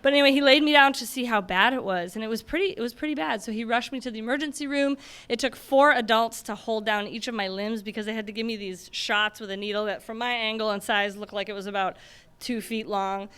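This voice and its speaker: A young woman from Michigan telling a personal story on stage, animated and laughing often as she acts out the moments. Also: on the high side, fast, smooth. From Michigan, USA. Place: stage before a live audience.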